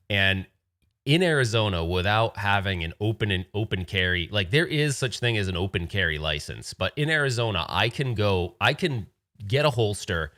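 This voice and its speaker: A man's voice: fairly low pitch, bright, forceful tone. A man from Rhode Island hosting a casual livestream chat, telling rambling, digressive stories. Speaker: host.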